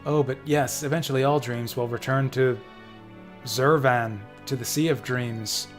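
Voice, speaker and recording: A man streaming a game, reading its lines aloud with some drama before slipping into casual, swearing commentary. His voice sits at an ordinary middle pitch. Soft game music plays underneath. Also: steady tone, unhurried. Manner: dramatic reading, drifting into casual, profane asides. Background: faint game music.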